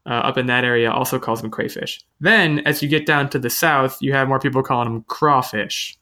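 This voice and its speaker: Bright-voiced chatty podcast host. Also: male voice, mid-range voice, brisk. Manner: chatty, self-mocking, thinks aloud with restarts. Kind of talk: casual podcast chat.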